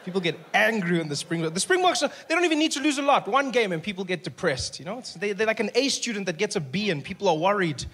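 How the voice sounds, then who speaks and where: High-voiced South African comedian on stage. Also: male voice, fast, hardly any pauses. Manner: animated, acts out characters. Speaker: stand-up comedian. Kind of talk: stand-up comedy. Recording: live show with clear noise.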